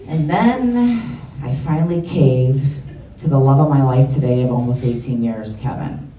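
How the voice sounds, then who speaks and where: A woman's voice: rumbling low, measured pace, highs cut off, slight background noise. A woman, giving a profane, funny eulogy for her best friend. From Chicago area. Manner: blunt, profane, joking. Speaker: eulogy speaker. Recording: roomy hall, distant mic, crowd.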